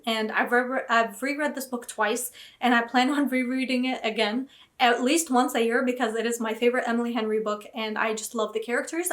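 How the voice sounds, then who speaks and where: Animated young woman reacting to reviews. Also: fairly high pitch. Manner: animated, indignant, dramatic exclamations. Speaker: book vlogger. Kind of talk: casual reaction vlog.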